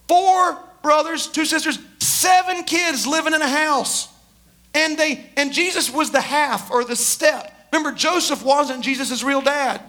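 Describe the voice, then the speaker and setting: A male preacher delivers a sermon with animated, emphatic storytelling. His voice sits very high and sounds bright. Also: measured pace.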